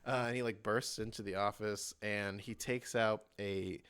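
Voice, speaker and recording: A man narrating a tabletop game as game master, in an animated way with lots of fillers. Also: fairly low pitch, moderate pace, clean tone. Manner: animated, laughing, filler-heavy.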